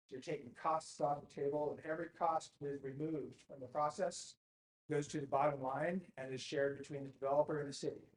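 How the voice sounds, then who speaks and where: A man giving a presentation at a city council meeting, speaking in a measured way with frequent fillers and restarts. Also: medium pitch. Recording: echoey council chamber.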